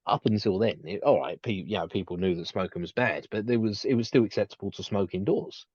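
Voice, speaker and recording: Brief: male podcast co-host, lowish voice, rambling with fillers, muffled dead-dry mic. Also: fairly quick, darkish tone, breathy edge, no room sound. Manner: rambling, many restarts and fillers. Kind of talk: casual chat.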